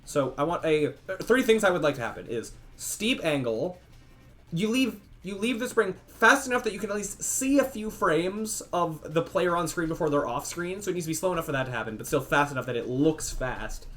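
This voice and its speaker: A man's voice: fairly high pitch, animated, fairly quick, fairly bright tone. A young man streaming game development, thinking aloud casually as he tests values, trailing off and restarting his sentences. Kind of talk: casual livestream thinking aloud while coding.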